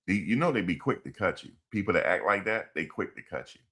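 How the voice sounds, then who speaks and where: A man's voice: deep voice, big pitch swings, fast talker, a bit bright, breathy edge. A man streaming, rambling through a story in casual slang and repeating his phrases. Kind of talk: casual livestream commentary.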